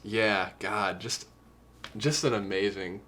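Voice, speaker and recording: This podcast co-host is a young man whose fairly low voice comes out slow, steady, pushed and bright over slight background noise. He discusses music casually, sounding earnest and emotional as he quotes lyrics.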